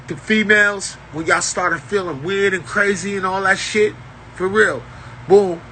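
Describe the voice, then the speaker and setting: Man, preachy street-slang spiritual rant, profane, high-ish sharp voice, faint traffic behind. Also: fairly even intonation, measured pace, poor audio. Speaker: self-styled spiritual teacher. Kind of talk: unscripted spiritual rant to camera.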